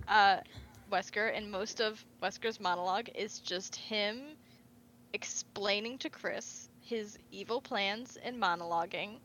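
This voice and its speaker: A woman co-hosting a casual fan podcast, retelling game scenes in an animated way and quoting the characters. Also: mid-range voice, a little hiss or hum, poor audio. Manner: animated storytelling, quotes characters in asides. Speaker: podcast co-host.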